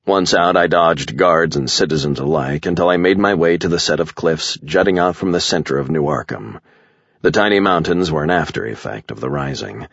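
A man with an extremely deep, gravelly voice narrates a story in the first person, with a grim, measured delivery. His tone is husky, and the dry, muffled recording keeps it close. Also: no room sound. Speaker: audiobook narrator.

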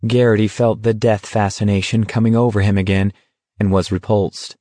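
A man narrating a novel in an even, unhurried storytelling manner. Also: lowish voice, dry recording. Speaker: audiobook narrator. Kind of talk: scripted narration.

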